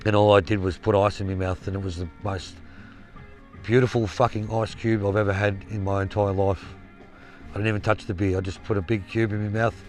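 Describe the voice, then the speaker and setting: A man's voice: lowish voice, a bit bright. An Australian man telling a rambling yarn in casual spoken style, blunt and swearing freely. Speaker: storyteller.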